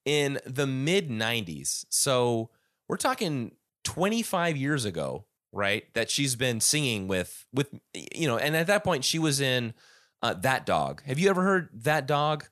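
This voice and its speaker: A man's voice: medium pitch, sing-song, measured pace, a bit bright, no room sound, studio quality. A man hosting a casual podcast about a music album, rambling with many restarts and fillers. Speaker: podcast host.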